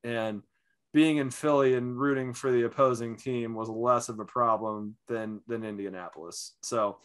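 A man in his thirties co-hosting a casual sports talk show, telling stories in an animated way and acting out what people said. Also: mid-range voice, moderate pace, clear, resonant tone. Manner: animated storyteller, acts out quotes. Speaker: podcast co-host.

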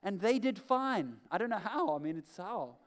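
A man's voice: high-pitched, moderate pace. Emphatic male pastor preaching. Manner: animated, emphatic, repeats key phrases. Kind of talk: sermon. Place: church hall.

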